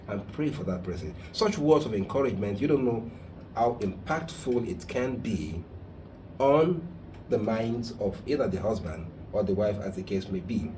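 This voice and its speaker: A man's voice: fairly low pitch, lively intonation, moderate pace, mellow, slight background noise. A man hosting a call-in advice show, speaking in an emphatic, preachy way that gets heated. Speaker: radio call-in host and counselor.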